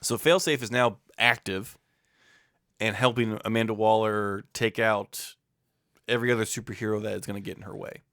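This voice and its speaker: Gravelly-voiced man chatting casually. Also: fairly low pitch, steady tone, moderate pace, fairly bright tone, dry recording, studio quality. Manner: chatty, laughs often, recaps comics loosely. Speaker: podcast co-host. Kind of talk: casual chat.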